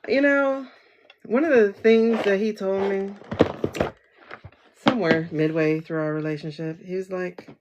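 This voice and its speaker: A woman's voice: mid-range voice, fairly even intonation, measured pace, long pauses, muffled recording, very noisy. A woman hosting a casual tarot livestream from home, rambling and chatty, laughing often as she talks to viewers through her phone.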